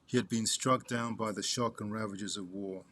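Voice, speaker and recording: A man reading a memoir aloud to his father, halting with restarts and turning asides to the listener as "you". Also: lowish voice, fairly even intonation, pushed and bright.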